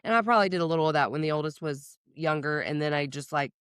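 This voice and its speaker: A woman's voice: deep voice, fast, a bit bright, smooth, no room sound, clean studio sound. A woman therapist hosting a podcast, speaking in candid casual chat, blunt and profane and laughing often.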